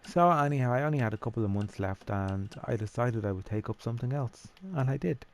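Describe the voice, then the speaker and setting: A young Irish man with a mid-range voice talks a little fast, telling a rambling, chatty story full of swearing while playing a game. It's casual storytelling over gameplay.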